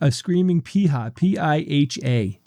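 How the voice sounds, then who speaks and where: A man's voice: a little high, a little slow, no echo. Laid-back man hosting a podcast segment. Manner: relaxed, laughs often. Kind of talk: casual panel chat, reading listener emails.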